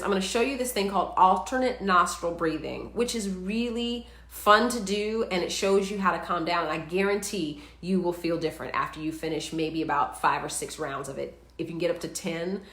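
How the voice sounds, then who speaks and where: A woman's voice: lowish voice, brisk, few pauses, a bit bright, reverberant. A woman hosting a live wellness show, chatting upbeat and walking viewers through breathing exercises. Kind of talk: live-streamed instructional talk.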